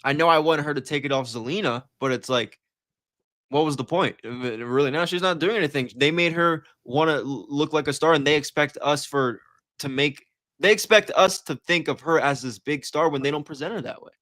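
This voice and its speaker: A man's voice: fairly high pitch, a little fast, a bit bright, no echo. Man in a dry close-mic chat. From USA. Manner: hesitant, repeats "I don't know". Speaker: co-host. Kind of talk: casual wrestling podcast chat.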